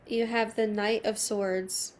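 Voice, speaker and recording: A woman reads tarot cards to her viewers in a soft, consoling voice that sounds close to tears. She slows down when she names a card, and faint noise sits under her voice. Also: mid-range voice, little pitch movement. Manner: soft, emotional, reassuring, slow at card pulls. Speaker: tarot reader. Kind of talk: intimate tarot reading to camera.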